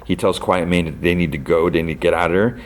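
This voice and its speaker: A man with a very low voice hosts a podcast and recaps a show in a loose, rambling way. He leans on "like" and restarts his sentences, and he briefly acts out the characters' lines as he goes. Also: fast talker. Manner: rambling retelling full of "like" and restarts, acting out quoted lines. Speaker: podcast host. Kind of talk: casual episode recap.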